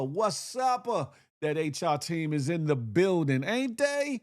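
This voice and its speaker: A man with a fairly high voice hosting a casual livestream. He talks in slang, greets his viewers one by one and keeps repeating himself with a questioning "huh?". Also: a little slow, hardly any pauses. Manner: shouting out viewers by name, slangy; animated, repeats phrases, says "huh?" often. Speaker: livestream host.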